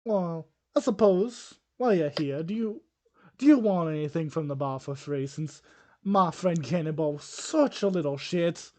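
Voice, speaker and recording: A man's voice: a little high, normal speed, a little mellow, close to an everyday voice. A man voicing a menacing, smug female guild boss with shark teeth in a tabletop game. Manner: smug, threatening.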